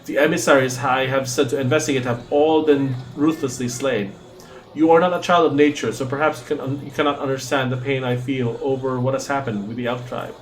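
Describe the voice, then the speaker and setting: A man reading a gentle, wise old male druid from a game, calm and solemn. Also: medium pitch, a little fast, natural voice. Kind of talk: reading game dialogue aloud.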